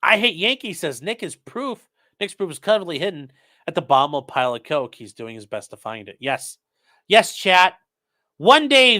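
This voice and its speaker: His voice runs fairly high, pushed and bright, as this stream host goes through chat messages out loud and responds sarcastically in a casual commentary session.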